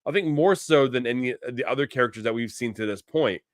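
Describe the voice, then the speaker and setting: An easygoing man with a middle-pitched voice chats on a podcast he co-hosts. His voice sounds dry and close, with no room echo. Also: fast. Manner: easygoing, laughs often. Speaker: podcast co-host. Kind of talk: casual chat.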